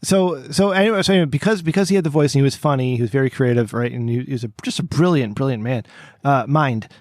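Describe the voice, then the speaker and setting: A man rambling through a story on a podcast, restarting his sentences and throwing in crude jokes. His voice sits at an ordinary pitch. The sound is dry and close, with no room around it. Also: fast talker, darkish tone, no echo. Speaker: podcast co-host. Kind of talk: casual chat.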